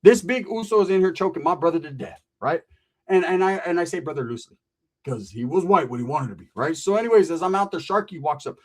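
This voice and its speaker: A man's voice: a little high, animated, fast talker. A man telling a rowdy story in casual, profane, slang-heavy talk on a podcast. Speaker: podcast host.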